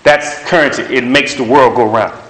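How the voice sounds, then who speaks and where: A man's voice: mid-range voice, moderate pace, fairly bright tone. A man preaching a sermon, emphatic and conversational, repeating phrases to drive points home. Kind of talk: sermon with prophetic words. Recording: echoey room.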